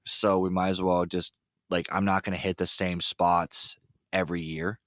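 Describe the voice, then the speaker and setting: A man with a very low voice hosts a relaxed podcast. He rambles through stories with plenty of fillers and gets excited as he retells them. The sound is dry and close. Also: normal speed, dry recording. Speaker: podcast host. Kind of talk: casual chat. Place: ice fishing shanty.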